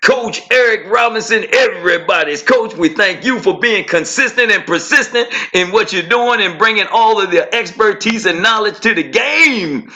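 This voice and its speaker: A man's voice: high voice, moderate pace, sharp tone. A man closing out his segment on a group call, playful and full of sports talk, laughing often. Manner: hype, playful, basketball metaphors, laughs a lot. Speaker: segment host. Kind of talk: energetic wrap-up on a group call.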